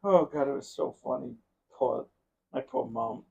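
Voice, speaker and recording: A man's voice: a little high, sing-song, unhurried, creaky, darkish tone, lo-fi sound, a little hiss or hum. A man hosting a podcast, telling a long rambling story in casual chat and often breaking into laughter. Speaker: podcast host.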